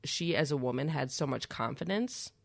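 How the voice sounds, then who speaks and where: A woman's voice: low voice, animated, moderate pace, gravelly, no echo. A woman co-hosting a podcast, chatting casually with lots of fillers and frequent laughs. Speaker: podcast co-host. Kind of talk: casual chat.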